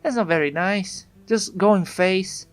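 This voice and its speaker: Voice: medium pitch, slow, faint music behind. A speaker with an Italian accent giving casual commentary on a card game match. They chat along and put rhetorical questions to the opponent. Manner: chatty, talks back to the opponent with rhetorical questions.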